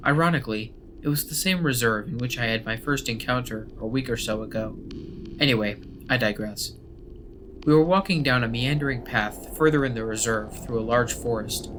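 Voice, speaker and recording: A man telling a first-person horror story as scripted narration, in a steady, measured way. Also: mid-range voice, slight background noise. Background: faint background music.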